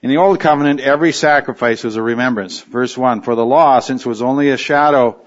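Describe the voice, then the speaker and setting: A man's voice: mid-range voice, a little fast, lo-fi sound. A man preaching an expository sermon, teaching in a conversational way and now and then acting out short quotes. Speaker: pastor.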